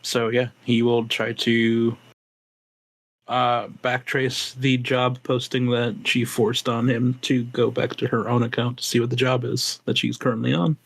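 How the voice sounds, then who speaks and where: A man's voice: medium pitch, monotone, a little slow, creaky, no echo. A man playing a tabletop game, hesitantly describing what his character does, with many fillers.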